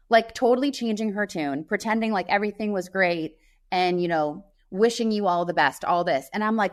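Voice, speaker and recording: A woman's voice: mid-range voice, a little fast. A woman co-hosting a podcast in casual chat, telling a story in a blunt, emphatic way. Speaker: podcast co-host.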